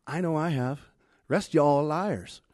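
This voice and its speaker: A man preaching a sermon in a conversational way, swinging between loud emphatic lines and hushed ones as he retells a scripture story. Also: a little high, measured pace, no echo.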